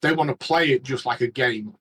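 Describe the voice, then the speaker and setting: A man chatting casually as a regular on a podcast, rambling and halting with many restarts. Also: mid-range voice, a bit bright, breathy edge, low-quality recording. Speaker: regular panelist.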